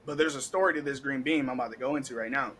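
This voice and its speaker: A young man hosting a podcast, telling a story in a casual, animated way, laughing often and acting out what people said. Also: medium pitch, very fast, over a noisy crowd, low-quality recording. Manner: animated, laughing, heavy cursing, acts out quotes. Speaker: podcast host.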